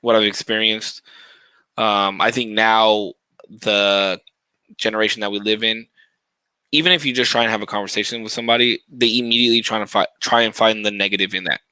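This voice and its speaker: Forceful, dry-sounding man streaming. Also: lowish voice, steady tone, brisk, smooth, no echo, rough recording. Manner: reflective, heavy swearing, talks while thanking stream followers. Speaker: podcast guest and game streamer. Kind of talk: casual podcast chat.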